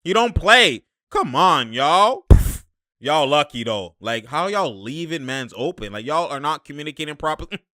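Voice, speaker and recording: A young man talking casually and excitably as he reacts to basketball footage, laughing and using slang. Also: fairly high pitch, dry recording, studio quality. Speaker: sports commentator reacting to game footage. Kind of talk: casual live game reaction.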